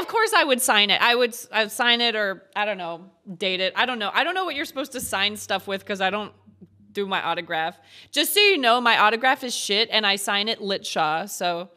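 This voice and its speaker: A woman's voice: fairly high pitch, sharp tone. Bubbly, gushing young woman streamer. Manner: gushing and giggly, lots of filler words. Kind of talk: casual live-stream chat with viewers.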